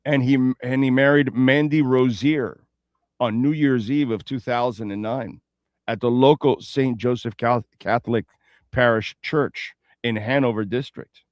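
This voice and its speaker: A man's voice: mid-range voice, a little slow, no echo, muffled recording. A man hosting a sports radio show in a casual, rambling way, with playful asides and betting talk. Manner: reads sponsor ads and betting lines.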